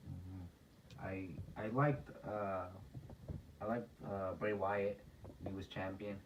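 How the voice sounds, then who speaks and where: A man's voice: low voice, level tone, slow pace. A man co-hosting a casual wrestling review podcast, speaking hesitantly with repeated words and frequent "uh". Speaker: podcast co-host. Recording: distant mic with clear background noise.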